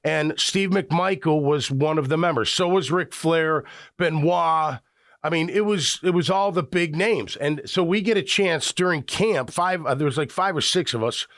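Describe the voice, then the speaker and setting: A man's voice: fairly high pitch, moderate pace, dry recording, studio quality. A middle-aged man from the Chicago area telling a rambling story on sports radio, full of restarts. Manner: rambling, animated, frequent restarts. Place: radio studio.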